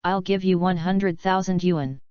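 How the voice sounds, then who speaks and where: A woman's voice: fairly low pitch, steady tone, a little slow, clean tone, no room sound, natural voice. A woman voicing an arrogant, hot-tempered rich male student who speaks in an angry, challenging way. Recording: dull lo-fi dry recording.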